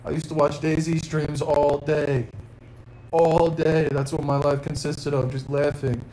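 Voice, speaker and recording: A man's voice: on the high side, level tone, measured pace, dark tone, poor audio. A young man from New York, upset and close to tears, ranting through an unscripted live stream from a hotel room, swearing constantly and tacking bro and man onto his lines. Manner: profane, repeats bro and man, rambling.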